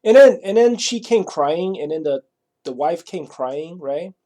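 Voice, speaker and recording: A man's voice: a little high, expressive, measured pace, dark tone. A man telling a story in a rambling monologue, casual and profane, always adding "right?" and "you know?". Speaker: vlogger.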